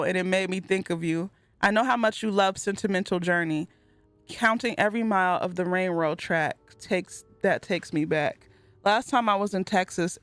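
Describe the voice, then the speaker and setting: A woman hosting a gameplay video. She reads in-game letters aloud slowly and earnestly, and sometimes breaks off with giddy high-pitched exclamations. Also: vocal fry, a bit bright, no echo. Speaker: gaming video host. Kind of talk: let's play commentary, reading in-game letters aloud.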